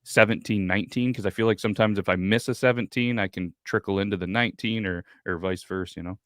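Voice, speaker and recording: A man with a somewhat low voice chats casually on a podcast, asking relaxed questions and tossing in dry jokes. The recording is close and without room echo. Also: fast talker. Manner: laid-back, short joking interjections. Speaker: podcast co-host. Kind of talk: casual chat.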